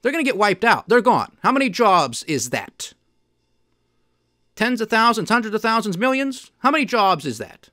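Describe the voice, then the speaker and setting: A man delivers solo commentary in a fairly high voice, pressing his points with emphatic indignation. The sound is dry and close, with no room around it. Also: big pitch swings, moderate pace, bright, forceful tone, dry recording. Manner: emphatic, indignant, mocking quoted officials. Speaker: podcast host.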